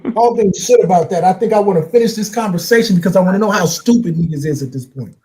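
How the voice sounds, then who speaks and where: A man on a live podcast panel, arguing heatedly, lecturing slowly and repeating his points over and over. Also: high-pitched, a loud crowd, poor audio. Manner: slow lecturing emphasis, repeats himself.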